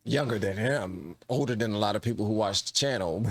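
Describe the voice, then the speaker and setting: A man hosting a reaction channel, giving relaxed, chatty commentary straight to his viewers. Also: lowish voice, normal speed.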